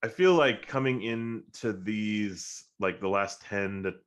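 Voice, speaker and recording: Low-voiced man on a casual sports show. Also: slow pace. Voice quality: monotone. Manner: rambling, emphatic when frustrated. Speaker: podcast co-host.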